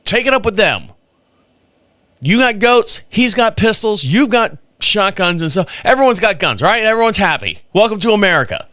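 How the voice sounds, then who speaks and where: On his podcast live stream, a man tells stories casually, getting animated, chuckling and voicing the dialogue himself. He has a high-pitched voice at a moderate pace. The audio has no echo and studio quality.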